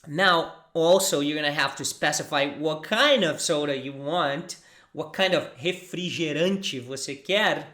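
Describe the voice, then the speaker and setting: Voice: mid-range voice, measured pace, a bit bright. A Portuguese teacher from Brazil with a Brazilian accent, who teaches a language lesson in English and patiently repeats phrases for the learner to echo.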